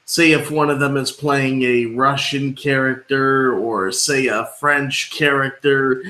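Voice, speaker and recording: A man's voice: mid-range voice, steady tone, takes it slowly, bright, forceful tone. A man hosting a wrestling interview show, asking long rambling questions full of fillers. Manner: rambling, many fillers and restarts. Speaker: podcast host, interviewer. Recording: echoey room.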